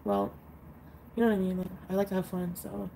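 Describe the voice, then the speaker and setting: A woman's voice: lowish voice, sing-song, fairly quick, vocal fry, dark tone, slight background noise, rough recording. A woman chatting casually on a livestream, congested and drowsy from flu medicine, rambling with lots of fillers and small laughs. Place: bedroom.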